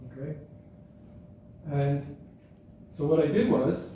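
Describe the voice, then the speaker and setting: A man's voice: medium pitch, mellow, muffled recording. A man giving an informal talk to an audience, chatty and anecdotal, often correcting himself mid-sentence. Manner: conversational, self-correcting, anecdotal. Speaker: guest speaker. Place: hall at a school gathering. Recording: echoey room, speaker far from mic, faint background noise.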